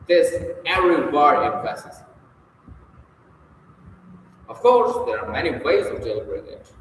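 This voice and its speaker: A man's voice: medium pitch, a little hiss or hum. A man reading a public speaking textbook aloud, with occasional stumbles and self-corrections. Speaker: audiobook reader. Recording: echoey hall with long reverb.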